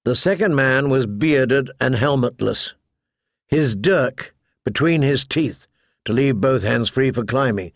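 A man narrating a story in a measured, deliberate way into a close studio mic. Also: medium pitch, no room sound. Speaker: audiobook narrator. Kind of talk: scripted narration.

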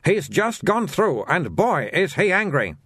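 A man's voice: sits high, big pitch swings, a little slow, a bit bright, husky, no echo, clean studio sound, pitched above the performer's own voice, heavily acted. A man voicing a small, bald male shopkeeper who haggles in clipped, broken phrases. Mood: conspiratorial.

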